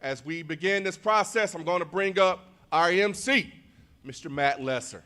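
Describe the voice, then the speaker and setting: Brief: male principal at a graduation ceremony, fairly high voice, animated and rousing, big swings in loudness. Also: moderate pace. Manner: leads crowd call-and-response. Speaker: school principal.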